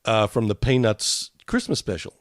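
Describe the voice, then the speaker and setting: A man's voice: lowish voice, sing-song, normal speed, dry recording, studio quality. A man co-hosting a podcast who rambles in a jokey way and keeps correcting himself. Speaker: podcast co-host. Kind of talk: casual review chat.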